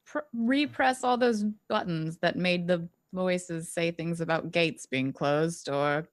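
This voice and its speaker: A woman with a lowish voice makes dry, wry remarks as a player at a tabletop game. The sound is dry and close. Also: slow pace, dry recording. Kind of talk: casual play at a tabletop game.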